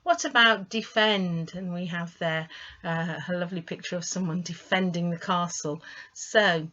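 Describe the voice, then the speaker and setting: A woman teaching English pronunciation in an online lesson, speaking clearly and encouragingly with careful emphasis on sounds. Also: lowish voice, fairly even intonation, moderate pace, bright, forceful tone. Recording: slightly dull lo-fi audio.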